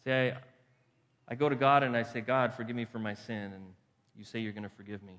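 A pastor delivers a conversational sermon, asking the congregation rhetorical questions and repeating phrases for emphasis. His medium-pitched voice is a bit bright and a little fast, and the recording carries a long hall reverb.

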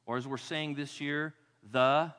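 A male pastor preaching a sermon in a church with emphatic delivery, repeating key phrases and dropping to a hush for weight. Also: on the high side, fairly even intonation, unhurried, clean tone. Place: church sanctuary. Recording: long hall reverb.

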